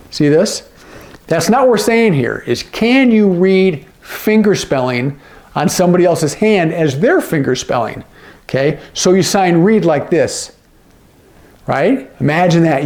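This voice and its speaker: Guy teaching sign language, talks slow and kinda high, keeps checking you're following. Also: creaky. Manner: patient, checks in often with "okay?" and "right?"; repeats phrases slowly, gloss by gloss. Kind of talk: instructional explanation.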